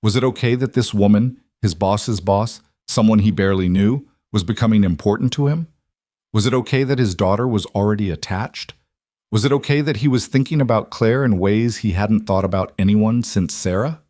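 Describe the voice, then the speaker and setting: A man reading a scripted story as narrator, in an even, measured way. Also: fairly low pitch, no room sound, clean studio sound.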